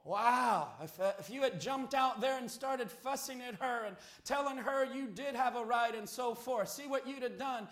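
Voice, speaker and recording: A man preaching a sermon, telling a story and rising to shouted appeals. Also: very high voice, normal speed, few pauses. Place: church. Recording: echoey church hall.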